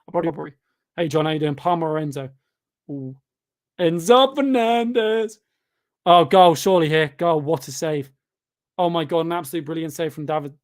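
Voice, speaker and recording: A young man chatting through a live football watchalong, tired, reading out chat questions and breaking into sudden excited shouts at the game. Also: a little high. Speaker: livestreamer reading chat during a match.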